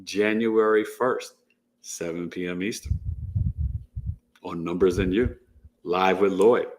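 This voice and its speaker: A man's voice: low voice, fairly even intonation, takes it slowly. A man hosting a casual astrology livestream, chatty and joking as he gives advice. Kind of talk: casual live-stream chat.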